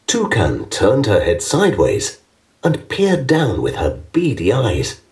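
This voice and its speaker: A man narrating a children's storybook in an expressive, measured way. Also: medium pitch. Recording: distant, with background music.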